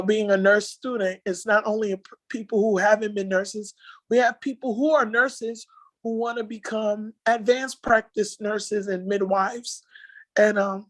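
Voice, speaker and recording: A woman presenting event slides in a casual, halting way, full of fillers and restarts, and moved to tears at times. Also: mid-range voice, steady tone, dry recording, low-quality recording. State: tearful at times. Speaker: nursing association organizer presenting slides. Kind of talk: casual spoken slideshow recap.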